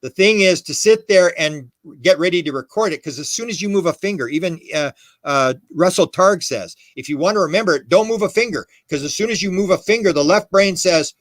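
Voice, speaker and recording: A man's voice: high-pitched, fairly quick, dry recording. A man talking as a podcast guest, telling stories in an emphatic, rambling way with quoted dialogue and restarts. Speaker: podcast guest, UFO historian. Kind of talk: animated conversational storytelling.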